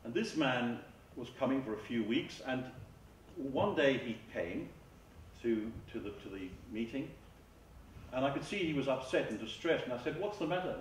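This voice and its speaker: A man speaking as a mindfulness therapist, giving a measured, earnest lecture and often repeating his words. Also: medium pitch, expressive, slight background noise. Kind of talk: reflective public lecture. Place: large school hall. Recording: echoey hall, far from the mic, faint ambience.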